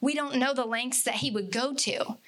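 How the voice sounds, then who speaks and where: A woman with a fairly high, bright and forceful voice leads a casual Bible study. She talks in an earnest, conversational way and repeats words for emphasis. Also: moderate pace.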